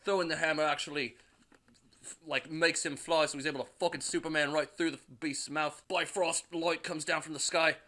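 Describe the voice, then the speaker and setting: Brisk and a little high-pitched, this young movie reviewer keeps a steady tone with a pushed, bright sound. He recaps a film's plot crudely and casually, swearing nonstop and occasionally performing a character's line.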